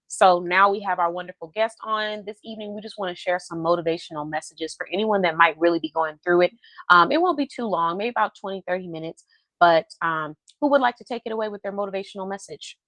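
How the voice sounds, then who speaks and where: A woman hosting a livestream from home, chatty and quick to laugh, talking over a video call. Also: on the low side, fairly bright tone, no echo. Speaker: livestream host. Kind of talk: casual chat.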